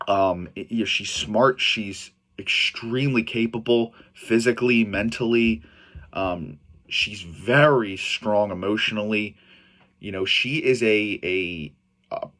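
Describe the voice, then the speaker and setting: A man's voice: on the low side, a bit bright. A young man giving a casual video review, talking bluntly with swearing and frequent stumbles and restarts. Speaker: show reviewer.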